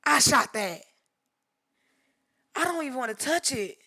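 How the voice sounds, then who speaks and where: A woman photographer commenting live while editing photos, talking to herself, swearing freely, and swinging from loud outbursts to hushed murmurs. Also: sits high, expressive, measured pace, husky. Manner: profane, talks to herself. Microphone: streaming setup mic.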